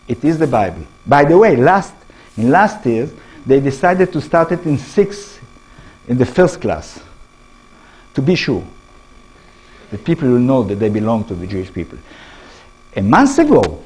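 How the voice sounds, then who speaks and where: An older man with an Israeli accent giving a lecture to an audience, in halting English, often restarting words and asking the listeners questions. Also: medium pitch, big pitch swings, darkish tone, slightly rough, rough recording. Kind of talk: public talk to an audience.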